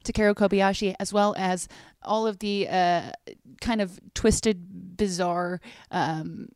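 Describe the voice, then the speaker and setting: Jokey, animated woman podcast host. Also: medium pitch, slow, smooth, no room sound, studio quality. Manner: animated, jokey, swears casually. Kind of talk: casual podcast chat.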